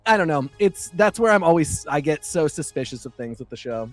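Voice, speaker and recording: Chatty male co-host, slightly higher pitch, digressive delivery over faint music. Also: expressive, a little fast. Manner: chatty, digressive, many fillers. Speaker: podcast co-host. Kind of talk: casual chat.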